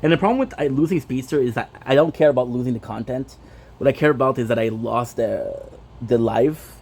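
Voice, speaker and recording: A man's voice: mid-range voice, brisk, vocal fry, a little mellow, breathy edge. A man whose first language is French, hosting a gaming stream and bluntly ranting with frustration, swearing and repeating himself. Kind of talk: casual ranting vlog.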